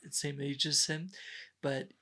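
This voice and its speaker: Slow-talking, bright-toned man chatting. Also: on the high side, little pitch movement. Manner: agreeable, lots of quick affirmations and laughs. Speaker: podcast co-host. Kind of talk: casual chat.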